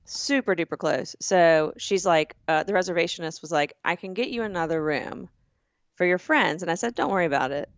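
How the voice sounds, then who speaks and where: A woman with a Southern US accent, co-hosting a podcast and telling a story in an animated way, acting out the voices. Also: lowish voice, brisk, no echo, highs cut off. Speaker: podcast co-host. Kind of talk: casual chat.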